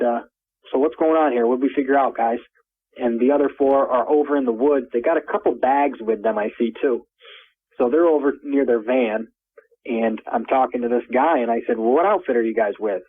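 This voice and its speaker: A man's voice: mid-range voice, a little fast, husky. A man telling his own encounter story as a phone caller, rambling and repeating words, his voice rising when he gets worked up. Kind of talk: first-person story told over the phone. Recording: tinny phone line.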